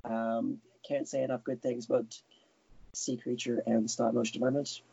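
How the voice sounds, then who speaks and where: Chatty man, mellow dry voice. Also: medium pitch, flat delivery, moderate pace, creaky, breathy edge, no room sound. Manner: rambling, self-correcting, chuckling. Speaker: guest animator. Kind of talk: casual interview. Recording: dull lo-fi sound.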